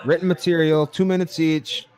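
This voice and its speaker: A man's voice: a little high, flat delivery, moderate pace, darkish tone. A man in casual crude podcast banter, making dry, joking asides.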